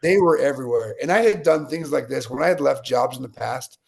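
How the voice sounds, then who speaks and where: Gravelly-voiced man telling stories. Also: medium pitch, fairly quick. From United States. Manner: energetic, animated storyteller acting out quotes. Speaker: guest. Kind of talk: interview storytelling.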